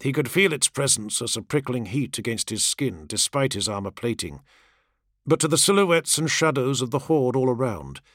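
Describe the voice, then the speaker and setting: A man narrating fiction as an audiobook in a measured, dramatic reading. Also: mid-range voice, very animated, fairly bright tone, dry recording, studio quality.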